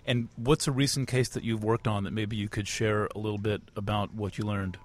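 A man's voice: fairly low pitch, level tone, fairly quick. A man conducting a conversational interview. He asks probing questions, sometimes with a teasing edge. He often backs up and restarts mid-sentence.

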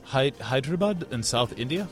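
A man from the United States interviewing at a conference, asking thoughtful questions with halting restarts. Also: medium pitch, expressive, faint music behind. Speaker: interviewer, astrology writer.

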